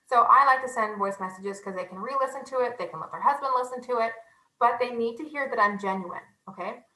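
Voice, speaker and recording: A young woman giving a casual, animated sales training talk, chatty and self-deprecating. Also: a little high, brisk, reverberant, low-quality recording.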